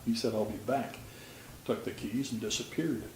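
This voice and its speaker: A man's voice: mid-range voice, fairly even intonation, normal speed. An older man, a retired police officer, telling stories from his career in a plain-spoken, folksy way with dry humor. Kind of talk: storytelling. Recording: roomy sound with faint background noise.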